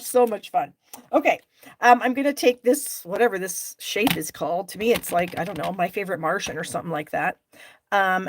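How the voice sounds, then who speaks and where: A middle-aged woman hosting a live stamping class, chatting with viewers by name and openly frustrated at her own mistakes. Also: mid-range voice. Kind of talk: live crafting demonstration.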